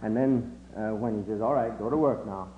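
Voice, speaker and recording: In an oral history reminiscence, an older man haltingly recalls his childhood, filling pauses with frequent "uh" sounds and raising his pitch to act out the people he quotes. The recording is tinny and lo-fi, with a faint hum.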